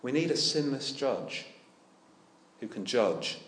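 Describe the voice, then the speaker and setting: A man preaching a sermon, animated and full of rhetorical questions with dry humour. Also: medium pitch, takes it slowly, reverberant. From United Kingdom. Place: church.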